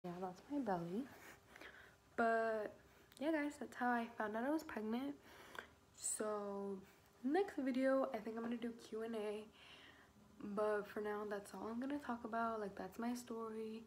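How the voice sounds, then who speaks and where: A teenage vlogger who is pregnant tells her story in a fairly high voice at a measured pace, with a faint hiss or hum audible. The casual, chatty delivery is full of filler words and open swearing.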